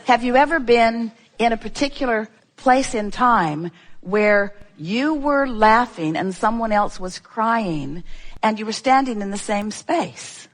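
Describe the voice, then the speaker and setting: A woman's voice: fairly high pitch, lively intonation, measured pace. A woman giving an inspirational talk to a workshop audience. She speaks as "we", strings together rhetorical questions and repeats key phrases for emphasis.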